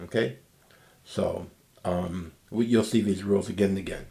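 A man teaching a recorded Greek grammar lesson, explaining slowly and patiently and checking in with "okay?". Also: low-pitched, vocal fry, dark tone. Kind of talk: recorded language lecture.

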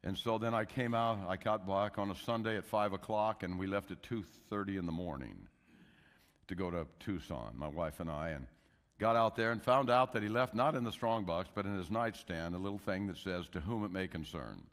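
An older man preaching a sermon, telling a story with loud emphasis and hushed asides. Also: on the low side, normal speed. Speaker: pastor. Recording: long hall reverb.

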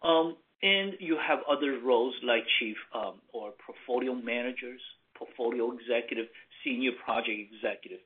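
A man presenting on management roles in a measured, emphatic way, pausing with fillers. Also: medium pitch. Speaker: consulting firm executive presenting. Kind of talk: webinar presentation. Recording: tinny phone-like line.

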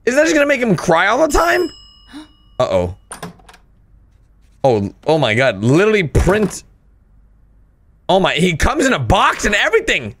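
Lively high-voiced man reacting, unhurried. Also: a little hiss or hum. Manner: excitable, bursts into loud laughter and gasps. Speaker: host. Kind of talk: casual reaction commentary.

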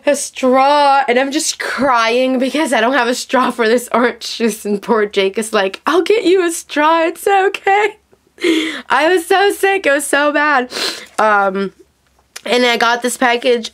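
A woman who is sick and coughing, chatting and gushing through a casual craft haul vlog with lots of fillers. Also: fairly low pitch.

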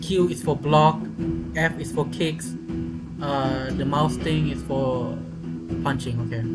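Frustrated gamer yelling over game music. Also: mid-range voice, fairly even intonation, slow, rough recording. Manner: exasperated, shouting in frustration. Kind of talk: gameplay commentary.

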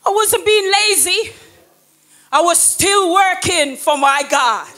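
A middle-aged woman evangelist giving a sermon with personal testimony, swinging from hushed, quiet passages to shouted, impassioned praise. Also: very high-pitched, expressive, takes it slowly.

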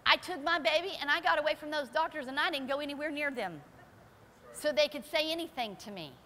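A woman pastor giving a fervent testimony sermon in a church service, her preaching climbing into shouted praise. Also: sits high, fairly quick, long reverb tail, a little hiss or hum. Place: church sanctuary during a service.

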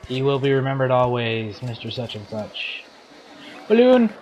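A man's voice: medium pitch, steady tone, normal speed, highs cut off. A man with a scratchy throat giving playful, silly commentary while playing a game. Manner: playful, silly self-narration. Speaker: let's play host.

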